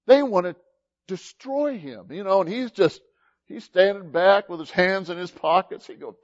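A man preaching a folksy sermon as pastor, with sudden rises and drops in loudness. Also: high voice, normal speed, highs cut off. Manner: folksy, animated preaching with big swings in loudness.

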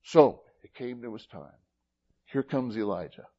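A man preaching a folksy sermon as pastor, with sudden rises and drops in loudness. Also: medium pitch, measured pace, lo-fi sound, heavy background noise. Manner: folksy, animated preaching with big swings in loudness.

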